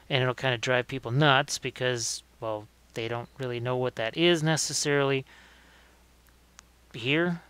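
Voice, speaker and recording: Guy painting minis on a stream, smooth clear voice, chill, just thinking out loud. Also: medium pitch, no room sound. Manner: relaxed, thinking aloud while working, self-correcting. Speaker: miniature painting instructor. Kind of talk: live-streamed painting demonstration.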